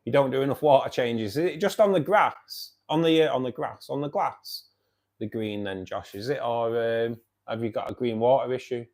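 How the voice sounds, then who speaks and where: A man's voice: mid-range voice, normal speed, darkish tone. Chatty Mancunian man hosting a stream. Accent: Mancunian English. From Manchester area, England. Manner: chatty, friendly, reads out viewer comments and greets them by name. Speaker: live stream host of a fish club. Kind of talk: casual live stream chat. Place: home by his fish tank.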